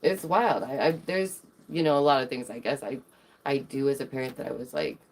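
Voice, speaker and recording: A woman's voice: very deep voice, brisk, vocal fry. A woman streaming live, chatting casually to her viewers in a rambling way, with lots of fillers and restarts.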